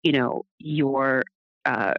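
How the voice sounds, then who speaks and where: Gravelly woman musing in a dull recording. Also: rumbling low, extremely slow, dry recording. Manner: rambling and reflective, with frequent tag questions. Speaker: guest, doula. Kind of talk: casual interview talk. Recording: dull, lo-fi, dry.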